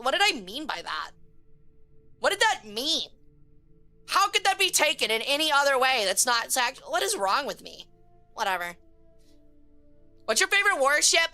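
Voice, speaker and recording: Woman streamer, casual and chaotic, crude jokes, bright and tense tone, faint music underneath. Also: sits high, sing-song, moderate pace. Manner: chaotic, crude joking with chat. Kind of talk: casual live-stream chat.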